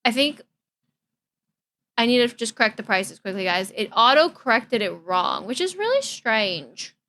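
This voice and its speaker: A woman's voice: on the high side, very animated, a little slow, pushed and bright. A young woman streaming live, chatting casually in a bubbly, giggly, easily distracted way.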